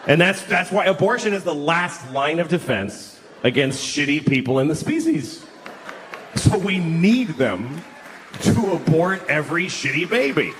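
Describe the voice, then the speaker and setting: A sardonic man doing a stand-up set on a club stage, building to shouted rants, over a loud crowd. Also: on the high side, very animated, unhurried, background noise. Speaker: stand-up comedian.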